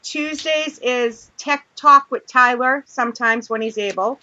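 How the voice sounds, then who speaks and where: Woman host, casual chat, playful, fairly high voice, dull muffled audio, noise behind. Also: a little slow, sharp tone. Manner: chatty, playful, self-deprecating. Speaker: podcast host.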